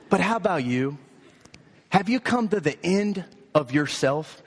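A man preaching a sermon as pastor, building emphatic, repeated lines in a rhythmic cadence. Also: on the high side. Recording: echoey hall.

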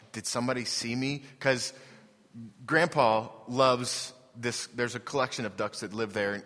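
A man's voice: on the low side, sharp tone. A man preaching a sermon in a loose, conversational way, telling a story and then moving into earnest appeals. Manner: conversational, with many fillers and restarts, rising to earnest appeals. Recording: long reverb of a large hall.

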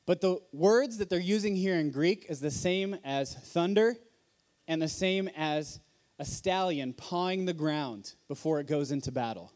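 A man with a high-pitched voice preaches a sermon at a conference, speaking in a hall. He talks earnestly and conversationally, leaning on rhetorical questions to draw in the room. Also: measured pace, darkish tone.

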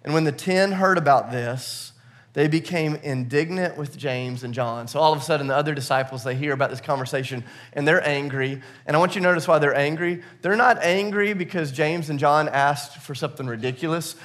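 A male pastor delivers a sermon at a church service, animated and laughing often, his speech full of fillers and repeated words. He talks a little high and fairly quick.

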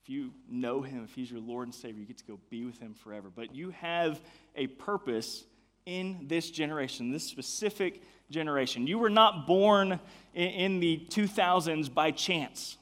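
A man's voice: a little high, normal speed, a bit bright. A young adult man giving a casual youth sermon in a chatty way. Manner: casual, chatty, many fillers. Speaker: youth pastor.

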